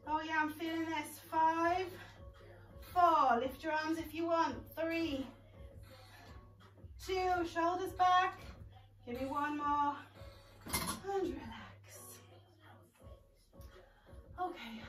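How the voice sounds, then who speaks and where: A woman's voice: sits high, a bit bright. A woman leading an exercise class, upbeat and encouraging as she counts reps and lets out cheery whoops. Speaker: fitness instructor. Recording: echoey room, voice from a distance. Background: background music.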